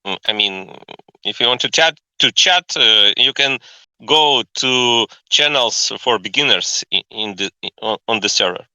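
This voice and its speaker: A man's voice: mid-range voice, lively intonation, a little slow, bright, forceful tone, clean tone, no echo, poor audio. A man in an online book club casually explaining the group's rules, patient and restarting words as he goes. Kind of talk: casual chat. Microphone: online voice call.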